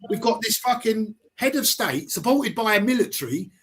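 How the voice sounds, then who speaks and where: A high-pitched man pushes an argument hard, swearing freely and stacking one rhetorical question on another. He talks like a confrontational live-stream host who never lets up. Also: expressive, moderate pace.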